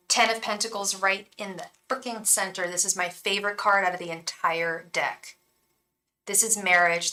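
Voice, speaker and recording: A young woman giving live tarot readings, chatting effusively with many ums and restarts and softly repeating incantations. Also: mid-range voice, low-quality recording. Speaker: tarot reader and psychic.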